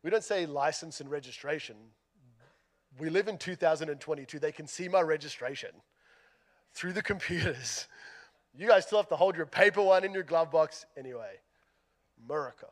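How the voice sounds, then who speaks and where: A man with an Australian accent telling a humorous story in a sermon, self-deprecating and lively, with big shifts in loudness. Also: on the high side, a little fast.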